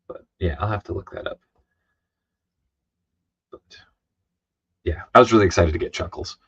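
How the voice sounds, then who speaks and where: A man's voice: sits low, moderate pace, vocal fry, fairly bright tone, breathy edge. A tired man chatting casually on a livestream, rambling with many fillers and restarts and reading chat messages aloud. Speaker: comic artist streaming live. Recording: dry, dull lo-fi sound.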